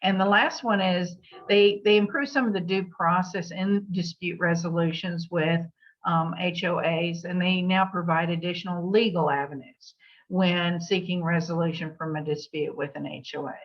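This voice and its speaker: A woman giving a plainspoken legal update to real estate agents. She takes their questions, pausing with fillers and adding emphatic asides. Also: fairly low pitch, steady tone. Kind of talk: briefing with answers to questions. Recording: dull lo-fi meeting recording.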